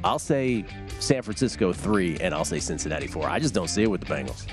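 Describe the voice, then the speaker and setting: A man's voice: low voice, expressive, fairly quick, over music. A man hosting a sports betting show, upbeat and steering the segment. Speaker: host.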